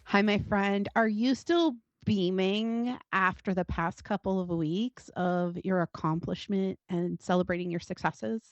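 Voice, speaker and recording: A woman's voice: medium pitch, fairly even intonation, measured pace, few pauses, no room sound, lo-fi sound. A woman hosting a casual podcast, upbeat and talking her listeners through what is happening in the studio. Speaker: podcast host.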